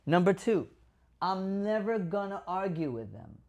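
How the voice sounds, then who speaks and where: A man's voice: high-pitched, sing-song, a little slow, a little mellow. A man hosting a caregiver advice show as a doctor, speaking straight to camera in an emphatic way and sometimes acting out sample dialogue. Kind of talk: direct-to-camera explainer.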